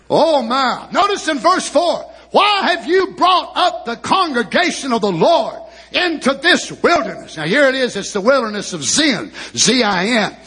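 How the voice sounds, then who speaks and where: A preacher delivers an impassioned sermon in a very high, ringing voice. He shouts out his points in bursts and stretches certain phrases slowly for weight.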